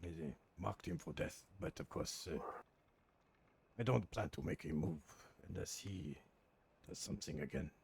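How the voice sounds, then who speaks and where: A gravelly, rasping outlaw with a low voice, as a man plays him. He tells his story in clipped, broken English and swears without a second thought. His tone is blunt and defiant. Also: normal speed, a little mellow, full character voice. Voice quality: gravelly and husky. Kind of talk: roleplay in a western game.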